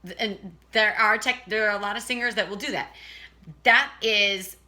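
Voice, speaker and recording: A woman's voice: mid-range voice, fairly even intonation, moderate pace, bright, forceful tone. A woman teaching a casual singing lesson, chatting and breaking off to demonstrate vocal sounds.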